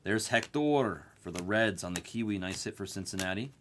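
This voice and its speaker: A man hosting a live card break, telling a story in an animated, profane rant. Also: on the low side, moderate pace, background noise.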